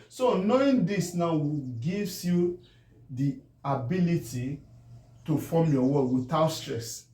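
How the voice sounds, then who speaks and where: Male teacher with a Nigerian English accent, slightly high, mellow, patient syllable drills, distant echoey room. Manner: checks in often, asking if it is clear; drawn-out syllable-by-syllable pronunciation. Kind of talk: spelling lesson.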